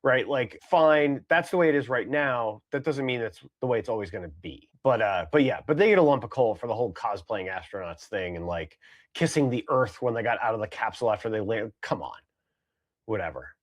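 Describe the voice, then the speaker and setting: A man's voice: medium pitch, lively intonation, a little fast. A man co-hosting a podcast, talking casually with lots of fillers and restarts. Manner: rambling, many fillers and restarts. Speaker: podcast co-host.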